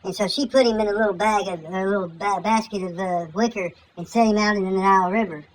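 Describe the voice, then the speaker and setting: This woman's take on scripture is a profane, crude comic retelling, loaded with slang and rambling digressions, delivered quickly at an ordinary pitch for a woman. The recording is rough, carrying a faint hissing noise beneath her voice.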